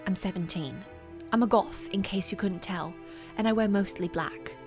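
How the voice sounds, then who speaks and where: A woman's voice: mid-range voice, normal speed, a little mellow, faint music behind, natural voice. A woman voicing a dramatic seventeen-year-old goth witch girl in a put-on English accent, in a mock-posh, theatrical manner.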